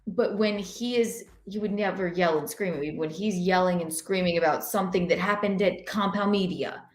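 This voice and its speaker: A woman's voice: lowish voice, normal speed, soft background music. Chatty woman in an echoey room. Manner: animated, rambling with restarts. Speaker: podcast host. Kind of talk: casual chat. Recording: roomy echo.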